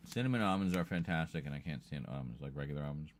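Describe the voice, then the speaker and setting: A man's voice: extremely low pitch, lively intonation, fast, a little hiss or hum. A man hosting a livestream in loose, rambling casual chat, often breaking into laughter. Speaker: livestream host.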